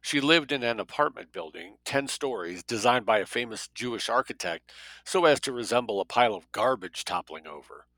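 A man narrating a story as an audiobook reader, with a steady, measured delivery. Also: mid-range voice, dry recording, low-quality recording.

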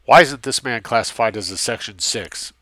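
A man voices an older, abrasive American bureaucrat with a flat, nasal New York accent, questioning in a blunt, needling way. His pitch is medium and his pace moderate, with no echo.

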